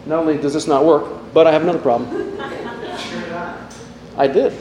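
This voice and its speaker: Male pastor in his forties, bright high voice, earnest sermon with self-deprecating stories, echoey hall with long reverb. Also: moderate pace, long pauses, lo-fi sound, a little hiss or hum. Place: church hall.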